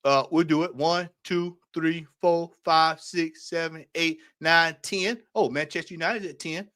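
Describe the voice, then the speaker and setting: A man hosts a casual late-night livestream, his voice sitting a little high for a man. He talks in an animated way, reading aloud and calling out to his chat. The sound is dry and close, with no room around it. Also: a little slow, smooth, dry recording. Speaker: fan channel host.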